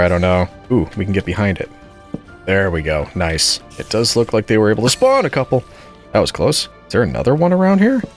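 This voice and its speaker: A man giving casual gameplay commentary as host, chatty and talking back to the monsters he meets. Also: low voice. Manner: chatty, talks back to the monsters, swings between calm and exasperated. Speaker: gaming video host.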